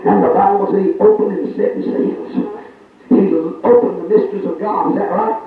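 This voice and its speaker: A man with a strikingly high voice delivers a fervent call-and-response sermon, rolling through repeated phrases and checking in with the congregation. The recording is thin and tinny, heard from a distance in a very echoey room. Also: steady tone, fairly quick, faint music behind. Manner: rhythmic, repeating phrases, often asking the congregation "is that right?". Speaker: preacher. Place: church service.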